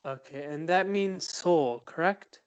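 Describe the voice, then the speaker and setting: A man co-hosting a podcast, chatting casually and thoughtfully, pausing often with fillers and restarts. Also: fairly high pitch, clean tone, highs cut off. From United States. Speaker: podcast co-host. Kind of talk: casual chat.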